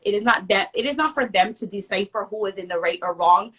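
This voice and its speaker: A woman from Hawaii, a guest telling a personal story in an animated, emphatic conversational way. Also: medium pitch, brisk, slight background noise. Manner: emphatic, acts out others' lines in the story.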